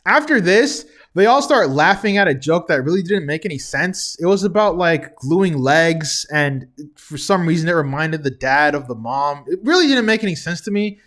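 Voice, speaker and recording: High-voiced young man, chatty recap. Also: animated, moderate pace, fairly bright tone. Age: young adult. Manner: chatty, chuckles often between remarks. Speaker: TV recap vlogger. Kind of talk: casual episode recap.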